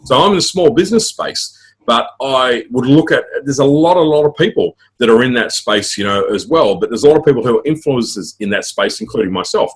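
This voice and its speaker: Man, Australian accent, middle-aged, rapid talker, slightly husky, rambling with fillers, interview guest. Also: medium pitch, animated. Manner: fast, rambling, full of fillers and restarts. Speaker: author and guest. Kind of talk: casual interview chat.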